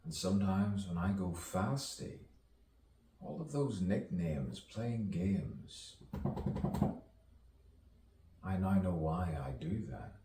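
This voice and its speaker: A man's voice: low voice, expressive, slow, long pauses, dark tone, a little hiss or hum. A man delivering a rambling spoken-word soliloquy, musing to himself and repeating phrases. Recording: echoey, distant mic with faint ambience.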